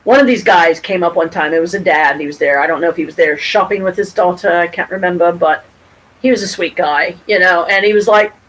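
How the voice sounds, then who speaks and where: A middle-aged woman from Michigan telling a story to her camera at home, rambling and animated, with frequent restarts and casual swearing. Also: fairly low pitch, brisk, rough recording. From Pontiac, Michigan, USA. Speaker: vlogger. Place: at home, with her cat nearby.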